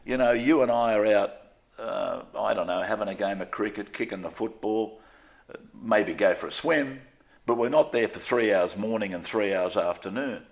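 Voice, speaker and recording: An older Australian man, a sports broadcaster, telling stories in a candid, self-deprecating way during a relaxed interview. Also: fairly low pitch, moderate pace.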